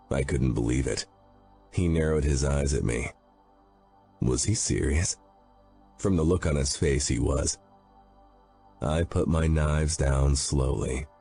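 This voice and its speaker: A man's voice: a bass voice, mellow, slightly rough. A man reading a romance audiobook aloud, narrating in first person with a grim, brooding delivery. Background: faint background music.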